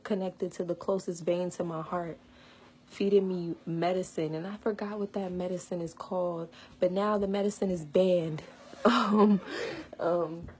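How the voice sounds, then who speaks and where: Her voice is lowish, a little mellow, with a breathy edge. This young vlogger speaks to the camera with earnest passion, sharing something emotional and personal in casual slang.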